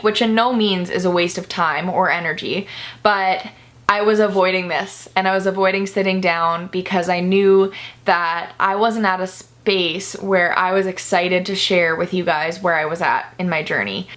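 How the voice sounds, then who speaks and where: A woman's voice: lowish voice, fairly bright tone. A young woman talking to camera in a candid personal vlog, earnest and confessional, near tears at times. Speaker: vlogger.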